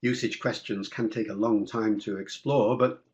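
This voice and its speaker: A man's voice: fairly low pitch, steady tone, normal speed, a little mellow. An older man answering listener questions in a webinar, in a discursive, explanatory way. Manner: discursive, explanatory, with fillers and asides. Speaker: guest linguist answering questions. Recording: dull lo-fi webinar audio.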